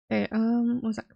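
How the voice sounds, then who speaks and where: A woman's voice: on the high side, vocal fry, highs cut off. A woman hosting a livestream in casual chat. She rambles with lots of fillers and giggles from her home streaming setup. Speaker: livestream host.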